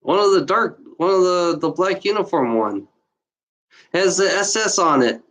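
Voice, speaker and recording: A woman from Germany giving an emotional unscripted monologue, out of breath and talking in halting, restarting bursts. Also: on the low side, lively intonation. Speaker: channel host.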